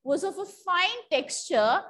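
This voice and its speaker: A woman's voice: extremely high pitch, sing-song, slow, fairly bright tone. A woman with an Indian accent teaching an English lesson. She reads a story aloud and explains it, asking the class questions and then answering them herself.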